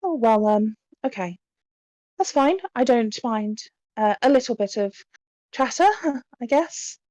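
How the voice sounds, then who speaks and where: A woman voicing a demure young spirit medium who is polite and a little unsettling, speaking softly and courteously with small hesitations. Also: fairly high pitch, animated, measured pace, no room sound, pitched above the performer's own voice. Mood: gracious.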